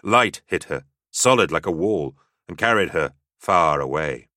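A man narrating an audiobook in a steady, dramatic storytelling manner. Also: sits low, unhurried, no room sound, studio quality.

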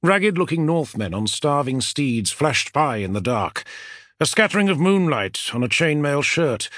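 A man reading a fantasy novel aloud as an audiobook narrator, with a dramatic, expressive delivery. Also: on the high side, moderate pace, no room sound, clean studio sound.

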